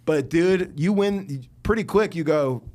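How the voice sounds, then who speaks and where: Young male podcast co-host, a bit high-voiced, loose and profane, animated storyteller. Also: a little slow. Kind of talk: casual chat.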